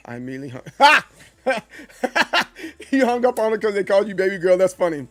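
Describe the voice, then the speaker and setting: Animated man with a high voice. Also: moderate pace, soft background music. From Southern US. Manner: animated, stumbling restarts, acts out quoted voices. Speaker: streamer. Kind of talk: casual live-stream chat with chat.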